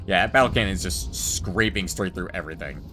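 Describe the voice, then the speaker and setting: A man giving relaxed, chatty commentary while playing a building game, joking with his chat as he goes. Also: deep voice, a little fast, soft background music. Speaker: gameplay streamer.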